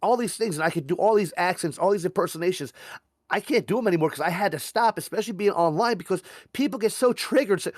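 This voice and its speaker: A man telling a story fast and with exasperation during an online debate. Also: sits high, animated, dry recording, clean studio sound. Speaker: debate participant.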